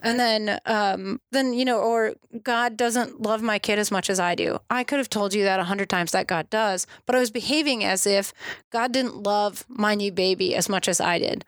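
A woman's voice: medium pitch, moderate pace, no echo. Woman guest, frank self-mocking storyteller, dry close sound. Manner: candid, self-deprecating storyteller; often trails off and restarts. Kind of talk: casual conversational testimony.

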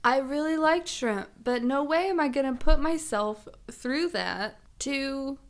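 A woman co-hosting a podcast in casual chat, animated, laughing often and swearing freely. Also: high-pitched, measured pace. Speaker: podcast co-host.

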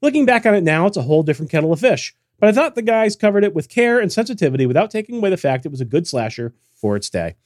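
A man's voice: high-pitched, sing-song, very fast, few pauses, no echo. A man co-hosting a casual podcast, reading listener emails with dry, teasing humor. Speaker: podcast co-host.

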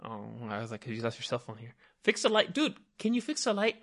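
Animated, foul-mouthed podcast man. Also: medium pitch, quick pace. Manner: profane, rambling and animated. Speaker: podcast host. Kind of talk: casual podcast chat. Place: home podcast set with green screen.

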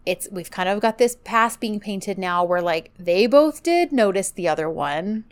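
A woman's voice: medium pitch, animated, normal speed, smooth. A woman co-hosting a casual chat, recapping a drama with many fillers and acted-out quotes. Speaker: podcast co-host recapping a TV drama.

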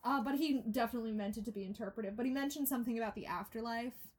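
A young woman co-hosting a casual podcast, talking in a reflective, animated way. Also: a little high, very fast, slightly rough. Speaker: podcast co-host. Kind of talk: casual chat.

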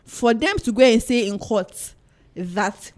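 A woman's voice: on the high side, animated, slow, a little mellow. A woman guest on a podcast, recapping a TV episode in casual, emphatic chat and laughing often. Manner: dramatic retelling with repeated phrases.

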